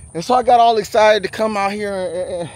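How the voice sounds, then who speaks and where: Guy vlogging on a walk outside, pretty high voice, loud preachy rant, kinda out of breath. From USA. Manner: loud, preachy rants with frequent laughs. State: sweaty and out of breath from walking. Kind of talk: walking vlog monologue. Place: outdoors on a trail by a bayou. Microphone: handheld camera while walking.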